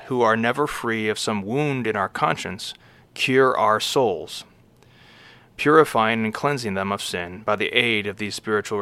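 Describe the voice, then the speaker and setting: A man reading an old homily aloud in a measured way, naming each scripture source after he quotes it and now and then stumbling and correcting himself. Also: fairly low pitch, pushed and bright. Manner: occasional stumbles and self-corrections. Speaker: reader of a homily.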